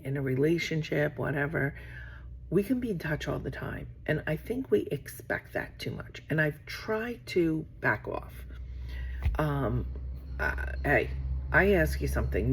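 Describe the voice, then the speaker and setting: Middle-aged woman, casual vlog talk, gravelly fry in the voice, rambling, faint background hiss. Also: low-pitched. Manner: rambling, acts out quoted exchanges. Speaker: vlogger. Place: office.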